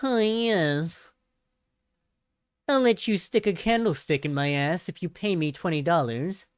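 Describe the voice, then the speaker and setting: A man's voice: sits high, unhurried, clear, resonant tone, no echo, studio quality. A man voicing a servile, fawning male butler in a mock-posh, obsequious manner.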